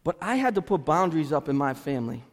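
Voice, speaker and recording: A man preaching a sermon as pastor, earnest and conversational, moving between loud exhortation and quiet, confessional talk. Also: a little high, big pitch swings, quick pace, big-room sound. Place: church sanctuary.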